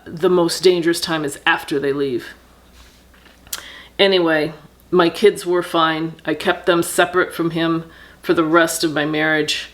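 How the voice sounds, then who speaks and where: A middle-aged woman tells her own story to the camera in a fairly low voice. She speaks earnestly and reflectively, halting often with fillers and restarts as she gathers her thoughts. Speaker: vlogger telling personal story. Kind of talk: candid personal storytelling.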